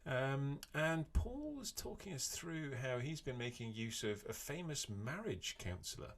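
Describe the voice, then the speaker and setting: A man's voice: medium pitch, unhurried. A middle-aged man hosting a podcast, talking casually with frequent fillers. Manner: relaxed, chatty, with frequent fillers. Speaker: podcast co-host.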